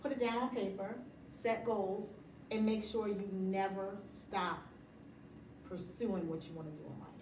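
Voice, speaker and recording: A woman's voice: mid-range voice, fairly even intonation, a little slow, darkish tone, echoey room, far from the mic, a little hiss or hum, rough recording. A middle-aged woman talking about running her business in a casual interview, emphatic and motivational, often laughing. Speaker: interview guest, business owner.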